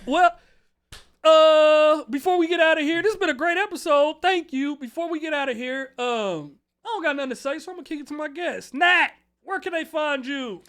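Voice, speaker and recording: A woman's voice: high voice, normal speed, fairly bright tone. A woman hosting a casual comedy talk show, telling stories in a loose, rambling way and laughing often. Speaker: show host.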